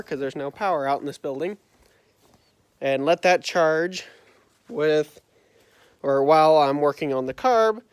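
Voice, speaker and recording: Recorded on a phone in a farm building with no room sound, a man talks to camera about restoring an old tractor. His voice is clear, resonant, and fairly high, though a face mask muffles it; he wanders, second-guessing and correcting himself.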